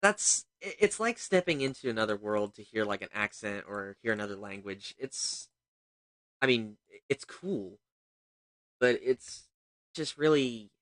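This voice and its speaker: A man's voice: lowish voice, lively intonation, unhurried, a bit bright, dry recording. A man from the United States chatting casually while streaming a game, rambling and thinking aloud. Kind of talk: casual gaming livestream chat.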